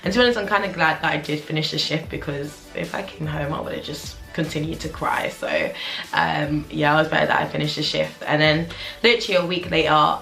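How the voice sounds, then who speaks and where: Low, gravelly young woman. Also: steady tone, brisk, fairly bright tone. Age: 20s. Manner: candid, chatty, heavy use of "like". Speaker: junior doctor. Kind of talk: casual vlog to camera. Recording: roomy echo with faint music.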